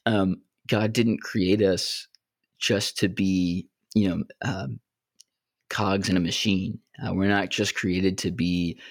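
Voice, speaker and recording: A man's voice: low-pitched, steady tone, takes it slowly, dry recording, studio quality. A man co-hosting a podcast, talking earnestly and reflectively with many fillers. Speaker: podcast co-host. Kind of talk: casual discussion.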